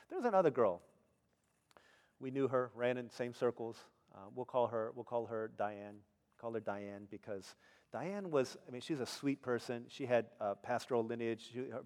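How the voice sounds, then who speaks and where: A middle-aged male pastor preaching a sermon, telling stories in an animated way and acting out the people in them. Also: on the low side, big-room sound. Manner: animated storytelling, acts out characters.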